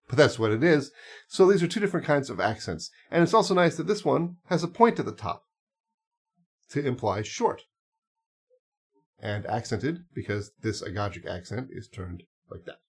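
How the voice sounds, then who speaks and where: A man's voice: fairly low pitch, husky. A man teaching clarinet, talking casually and explaining step by step with small asides and fillers. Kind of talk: casual instructional talk.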